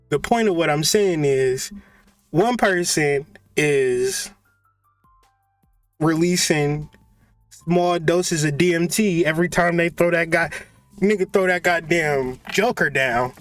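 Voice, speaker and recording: A man's voice: fairly high pitch, a bit bright, no room sound. A man in a casual, profane monologue, joking and laughing as he talks. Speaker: channel host.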